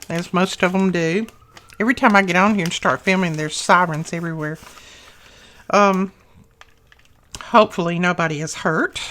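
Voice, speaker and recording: A woman's voice: mid-range voice, pushed and bright. A woman hosting a casual craft tutorial, talking through each step in a chatty, homely way with small asides.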